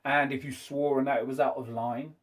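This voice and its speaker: A man hosting a casual debate, talking haltingly with frequent restarts and fillers. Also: mid-range voice, little pitch movement. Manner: hesitant, halting speech with many restarts.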